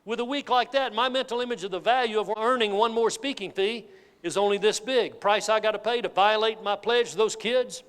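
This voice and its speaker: A man giving a keynote sales speech, telling a folksy, animated story to a live audience. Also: sits high, a little fast, clear, resonant tone. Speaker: motivational sales speaker. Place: large hall with an audience. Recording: reverberant hall.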